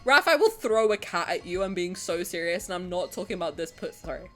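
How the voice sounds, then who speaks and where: A woman's voice: lowish voice, expressive, fairly quick, a bit bright, faint music behind. A young woman streaming from home, bantering with her chat, swearing freely and breaking into laughter. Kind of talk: casual live-stream chat.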